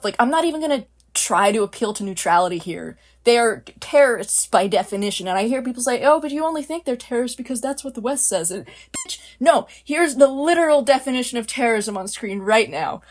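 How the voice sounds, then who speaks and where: A young woman vlogger giving blunt, exasperated opinion commentary, swearing freely. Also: mid-range voice.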